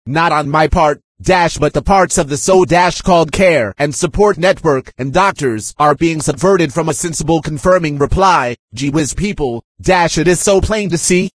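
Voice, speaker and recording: Husky-voiced man reading a message aloud. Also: on the high side, moderate pace, hardly any pauses, no echo. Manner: reads punctuation and spellings aloud, dictation-like; aggrieved, insistent.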